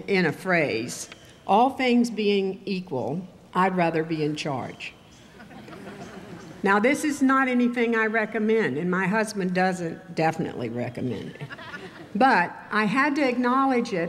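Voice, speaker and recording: An older woman from Texas giving a commencement speech, telling stories in a measured, wry way. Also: medium pitch. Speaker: commencement speaker. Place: ceremony venue with audience.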